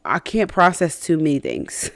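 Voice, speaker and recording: A woman's voice: low-pitched, huge pitch swings, moderate pace, creaky, dry recording. A woman hosting a personal faith podcast, talking candidly and reflectively, with many fillers and restarts and self-conscious laughs between thoughts. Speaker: podcast host.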